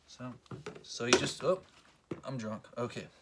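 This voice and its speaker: A man's voice: medium pitch, a little slow, heavy background noise. A man giving a casual, joking how-to tutorial, talking to the camera while he works. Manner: joking, self-deprecating, talks while working. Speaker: collector demonstrating belt cleaning.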